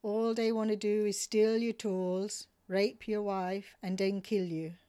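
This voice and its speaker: A woman's voice: mid-range voice, level tone, slow, warm tone, smooth, lightly acted. A woman voicing a big, swaggering male brothel boss with a murmured, laid-back island drawl, read aloud as part of a story. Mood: easygoing.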